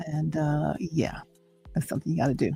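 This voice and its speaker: A woman's voice: low-pitched, steady tone, a little fast, creaky, dark tone, soft background music. A middle-aged woman hosting a motivational faith talk on a livestream, speaking with an emphatic, repetitive, preacher-like cadence and coaxing her listeners.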